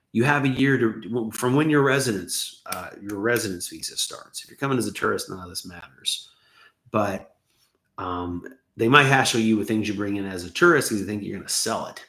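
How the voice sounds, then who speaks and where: A man's voice: on the low side, fairly bright tone. An American man with a Southern accent under a Los Angeles one, a channel host rambling through viewer questions with joking, self-deprecating asides, his voice getting worn from talking. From United States. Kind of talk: casual livestream chat. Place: his home. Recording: echoey room.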